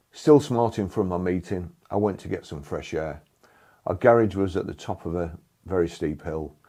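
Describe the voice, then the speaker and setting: An older man from England telling a first-person story in a dry, blunt, sardonic manner, with a husky voice. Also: low voice, warm tone.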